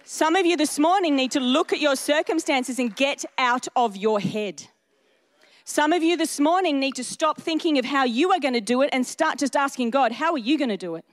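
A woman's voice: high-pitched, moderate pace. A woman preaching a sermon in an earnest, emphatic, conversational way, often repeating her phrases for weight.

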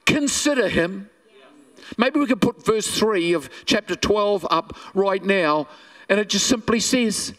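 An older New Zealand man with a Kiwi accent and a notably high voice, preaching to a church congregation. He tells stories with jokes and repeated phrases for emphasis. He sounds a little distant from the microphone. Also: a bit bright. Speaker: pastor. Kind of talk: sermon with personal storytelling. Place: church service.

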